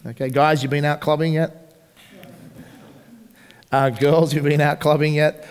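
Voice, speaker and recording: An Australian man giving a live seminar, energetic and asking the audience questions. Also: medium pitch, normal speed, smooth, in a large hall. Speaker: seminar presenter. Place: large hall at a live seminar.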